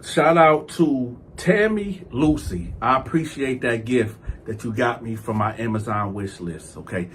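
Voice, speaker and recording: A man hosting his own channel, telling a story in an animated, slangy way. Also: medium pitch, a little slow, hardly any pauses, slight background noise. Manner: animated, slangy, acts out sounds. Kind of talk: casual storytelling.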